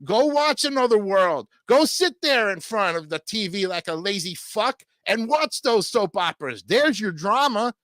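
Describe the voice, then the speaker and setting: A man's voice: sits high, big pitch swings, normal speed, hardly any pauses, a bit bright, dry recording, clean studio sound. A man hosting a livestream show, delivering combative, crude political commentary and repeatedly asking his audience "okay?".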